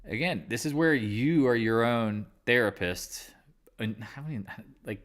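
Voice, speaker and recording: A man's voice: mid-range voice, unhurried, fairly bright tone. A man hosting a live market chat, talking candidly and rambling, with casual swearing. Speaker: livestream trading host.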